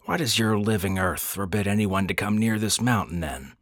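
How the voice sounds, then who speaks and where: A man's voice: lowish voice, moderate pace, a bit bright, no room sound, studio quality, lightly acted. A man voicing a brusque, skeptical male expedition leader who speaks curtly and dismissively. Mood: scornful. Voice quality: curt, dismissive.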